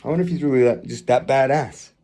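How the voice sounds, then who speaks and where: A man vlogging a casual movie review, rambling and excited, often repeating himself. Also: medium pitch, quick pace, slight background noise.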